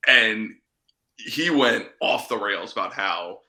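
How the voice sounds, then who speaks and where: Wry man with a very bright voice. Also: fairly low pitch, lively intonation, takes it slowly, echoey room, low-quality recording. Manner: wry, laughs often. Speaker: podcast co-host. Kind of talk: casual chat.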